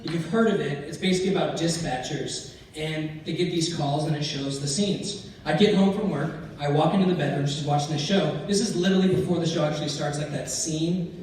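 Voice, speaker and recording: A man's voice: a little high, brisk, a little mellow, a little hiss or hum. A man doing a stand-up comedy set, telling brash, profane stories and acting out the lines of others. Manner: brash, profane storytelling with acted-out quotes. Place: comedy club stage. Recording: echoey club from far off. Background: audience laughter.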